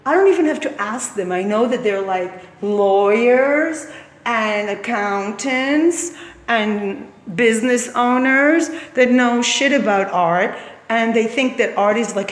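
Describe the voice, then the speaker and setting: A woman walking through an art gallery, speaking her opinions bluntly and sarcastically, with plenty of swearing. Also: mid-range voice. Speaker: gallery visitor. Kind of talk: candid spoken gallery walkthrough. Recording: roomy gallery with long reverb.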